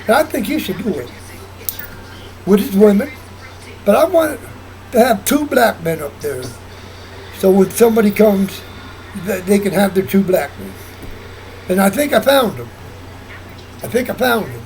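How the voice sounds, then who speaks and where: A man's voice: sits high, lively intonation, moderate pace, long pauses, a little mellow, slight background noise, rough recording. A man vlogging in a rambling casual monologue, often repeating himself and restarting sentences.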